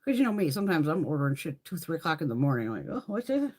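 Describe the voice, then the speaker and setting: Husky, swearing beauty streamer woman. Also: deep voice, racing. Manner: profane, laughing, animated storytelling. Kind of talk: casual live-stream chat.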